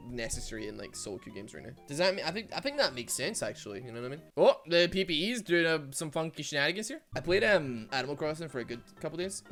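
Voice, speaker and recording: A Glaswegian man talks through a game in a bright, forceful voice, his pitch sitting right in the middle. He is chatty and excitable, laughs a lot, and trails off into little fillers as he thinks aloud. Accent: Glaswegian Scottish. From Glasgow, Scotland. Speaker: streamer. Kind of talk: casual gameplay commentary.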